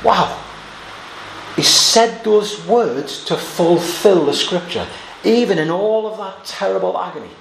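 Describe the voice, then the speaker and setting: An earnest male preacher delivering a Bible sermon, reading scripture quietly and then pressing his points with sudden emphasis. His voice sits a little higher than most men's. The room is echoey, with a faint hum of ambience behind him. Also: unhurried, creaky.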